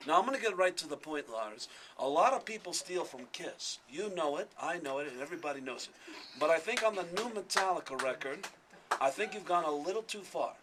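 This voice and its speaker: A man doing an impression of a blunt male rock singer who speaks low and deliberately. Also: lively intonation, a bit bright, slight background noise. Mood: accusing.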